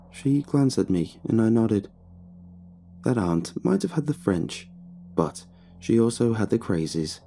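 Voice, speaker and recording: Gravelly dark-voiced male horror narrator. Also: fairly low pitch, sing-song, moderate pace, slight background noise. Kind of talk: scripted horror story narration.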